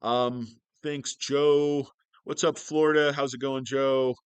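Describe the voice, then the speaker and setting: A man's voice: medium pitch, flat delivery, slow, smooth, dry recording. A man hosting a stock-market livestream, joking, swearing and rambling as he greets viewers.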